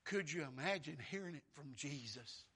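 A man, preaching a fervent sermon that keeps bursting into shouts. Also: fairly high pitch, lively intonation, normal speed, husky.

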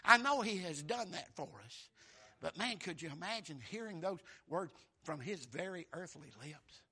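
Fervent preacher with a gravelly edge. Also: male voice, on the high side, animated, normal speed. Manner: fervent preaching, bursting into shouts. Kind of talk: sermon.

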